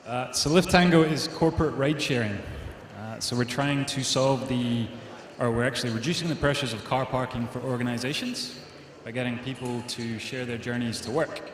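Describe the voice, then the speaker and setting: Male startup founder pitching in a hall. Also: fairly even intonation. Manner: brisk, starting sentences with "uh, so". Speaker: startup founder accepting award. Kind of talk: pitch explanation. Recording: echoey hall, crowd behind.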